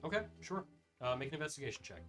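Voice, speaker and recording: A game master running a tabletop game, making brisk rulings and quick checks with the players. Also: medium pitch, big pitch swings, fairly bright tone, soft background music.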